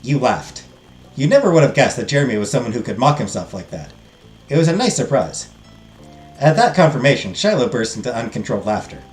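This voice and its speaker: A man's voice: mid-range voice, brisk. A middle-aged man from the United States reading a game's story aloud and chatting between lines, in an echoey room with faint music behind. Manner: expressive reader, chatty asides. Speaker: host.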